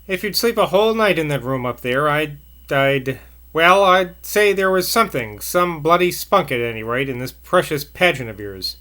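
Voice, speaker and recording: A man voicing a bold, rude man with a husky voice and blunt, mocking manner. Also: fairly high pitch, expressive, normal speed, bright, forceful tone. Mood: taunting.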